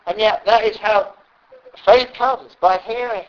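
Halting high-voiced preacher, lo-fi. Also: male voice, fairly even intonation. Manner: halting, repeats words, emphatic. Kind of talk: sermon. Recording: dull lo-fi recording.

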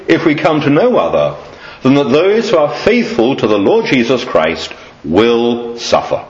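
English male preacher, earnest measured sermon, animated slightly high voice, roomy dull recording. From England. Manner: measured, earnest preaching with rising emphasis and trailing low endings. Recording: echoey room, dull lo-fi sound.

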